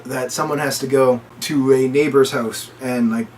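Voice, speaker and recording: A young man recapping a film in casual chat, animated and laughing often as he acts out lines in put-on voices. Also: mid-range voice, normal speed. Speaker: movie reviewer. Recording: distant mic with faint noise.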